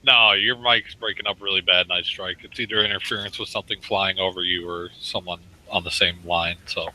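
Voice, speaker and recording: Forceful low-voiced man, blunt banter. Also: steady tone, brisk, a little hiss or hum, rough recording. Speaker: voice chat participant. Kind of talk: casual chat.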